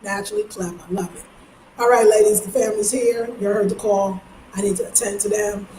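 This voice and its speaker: A woman from New York, chatting casually in a vlog, slangy and animated, breaking into high mimicking voices. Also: brisk. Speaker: vlogger. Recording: echoey space with faint ambient noise.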